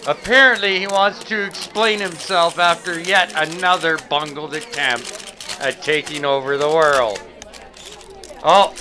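A man putting on an excited news reporter, pitched well above his own voice and loud. He calls out each thing he sees in a breathless play-by-play. The tone is bright and forceful. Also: a little hiss or hum, heavily acted.

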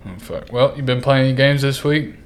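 A man's voice: mid-range voice, flat delivery, a little fast. A young man with a Kentucky accent, co-hosting a casual podcast, laid-back, laughing often and swearing freely. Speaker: podcast co-host. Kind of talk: casual chat.

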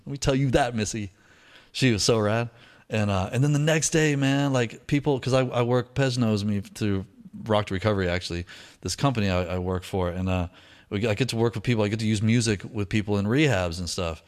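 A middle-aged man telling a personal story in a casual, slangy way, switching into lively voices for the people he quotes. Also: medium pitch. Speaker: speaker sharing a recovery story.

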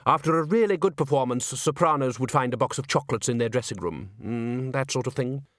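A man's voice: mid-range voice, fairly bright tone, no echo, studio quality, close to an everyday voice. A man voicing a snooty male music director who speaks with pained, superior patience. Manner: superior, drawn-out.

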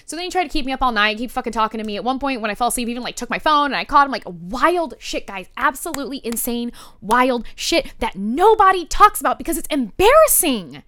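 A woman hosting a podcast, telling a personal story in a candid, animated way and swearing freely. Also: fairly high pitch, racing, hardly any pauses, no room sound. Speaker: podcast host. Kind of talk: casual storytelling monologue.

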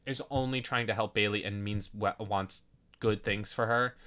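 Woman co-host, bright tone, gushing casual recap chat. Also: rumbling low, fairly even intonation, normal speed. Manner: gushing, swears, trails off mid-sentence. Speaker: podcast co-host.

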